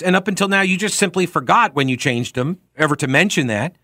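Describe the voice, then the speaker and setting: Man analyzing a trial in a lively, rhetorical way. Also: sits high, fast, no room sound, clean studio sound. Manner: animated, acts out quoted speech with rhetorical questions. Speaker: talk show host. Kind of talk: commentary on a trial.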